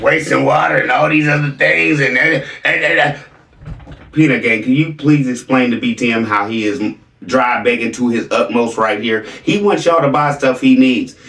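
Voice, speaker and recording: A man's voice: medium pitch, normal speed, gravelly, pushed and bright, echoey room, recorded from a distance. A man hosting a reaction video, mocking a clip with sarcastic commentary and repeated catchphrases.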